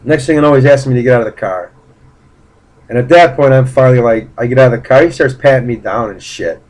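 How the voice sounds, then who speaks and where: A man's voice: mid-range voice, fast talker, darkish tone, poor audio. A man casually recounting a personal story in a blunt, profane way, rambling with fillers and restarts. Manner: blunt, profane, indignant retelling. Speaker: vlogger.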